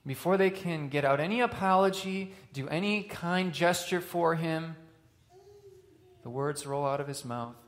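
A male pastor preaching a sermon, swinging from loud, rising questions to quiet, hushed lines. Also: fairly high pitch, measured pace.

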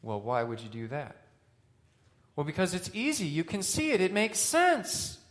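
A male pastor preaching a sermon, swinging from loud, rising questions to quiet, hushed lines. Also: fairly high pitch, wildly swooping pitch, unhurried.

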